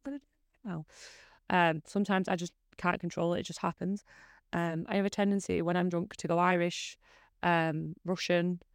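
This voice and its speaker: A woman's voice: lowish voice, level tone, moderate pace, smooth, no room sound. A woman in her thirties hosting a podcast, chatting in a candid, rambling, self-deprecating way. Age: 30s. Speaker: podcast host. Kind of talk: casual solo podcast chat.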